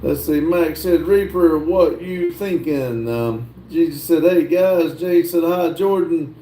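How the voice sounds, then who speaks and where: Slow-talking man in an echoey room. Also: fairly high pitch, dark tone. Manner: slow, drawling, reads comments aloud and answers. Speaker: livestream host reading chat. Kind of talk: casual chat.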